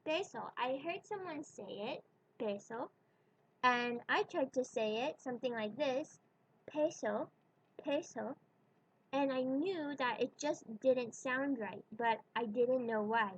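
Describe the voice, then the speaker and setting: A woman's voice: high-pitched, unhurried, hardly any pauses, breathy edge, no room sound, low-quality recording. A woman teaching pronunciation in a video lesson, patiently demonstrating sounds one by one. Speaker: Spanish teacher.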